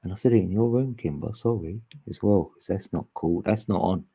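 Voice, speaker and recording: A man talks casually with his online group, wandering from thought to thought and laughing often. His voice sits a little low and sounds mellow and husky. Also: brisk. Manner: rambling and chatty, laughs often. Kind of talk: casual chat.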